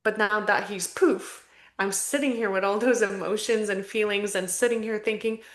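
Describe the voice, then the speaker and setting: A woman's voice: medium pitch, steady tone, moderate pace. A woman talking candidly and reflectively on a podcast, sighing and adding asides as she thinks things through. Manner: frank and self-reflective, with sighs and asides. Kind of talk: candid conversational podcast talk. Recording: roomy echo.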